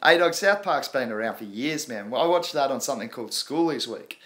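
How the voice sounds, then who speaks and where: A crypto livestream host in his thirties, speaking with an Australian accent, chats loosely with viewers on a casual stream. His mid-range voice is a bit bright and a little fast, with lively intonation, and he's laid-back and slangy with frequent laughs.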